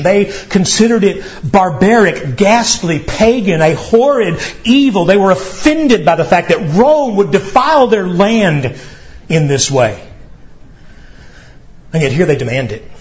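A man preaching a sermon with a slightly raised pitch, taking his time over every phrase. He swings from hushed, weighty lines to soaring, emphatic proclamations. The recording sounds a little dull and lo-fi. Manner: dramatic preaching with rising exclamations and slow emphatic pauses. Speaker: pastor.

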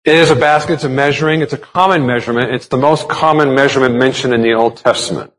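A man's voice: mid-range voice, quick pace, fairly bright tone. A man preaching a sermon as a pastor, explaining a text step by step and asking rhetorical questions. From United States.

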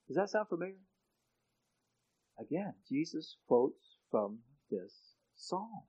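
A man preaching a sermon in an earnest way, often restarting his sentences and growing loud when he quotes scripture. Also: fairly high pitch, expressive, moderate pace, dull audio. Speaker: pastor.

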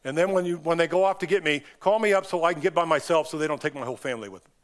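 Higher-voiced man preaching an impassioned sermon. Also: racing. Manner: impassioned, emphatic preaching with sudden rises and drops in pitch and loudness. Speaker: pastor. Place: church.

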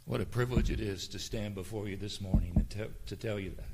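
A man preaching a sermon as pastor, swinging from hushed, near-whispered tenderness to fervent, rising climaxes. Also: fairly low pitch, fast, slight background noise.

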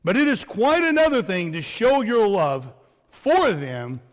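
High-voiced pastor preaching in a reverberant church. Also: male voice, sing-song, measured pace. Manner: earnest preaching with repetitions and fillers. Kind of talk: sermon. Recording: long hall reverb.

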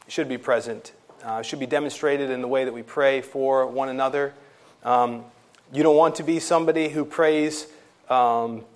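Earnest man preaching a sermon. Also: mid-range voice. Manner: earnest, emphatic preaching with fillers and rising intensity on key points. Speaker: pastor.

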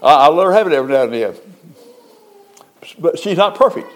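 A man preaching a sermon in a folksy, talkative way, with a voice that sits a little higher than most men's. He leans into key words and stretches them out, then drops back into easy, chatty asides to the congregation. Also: animated, fairly quick. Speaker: pastor.

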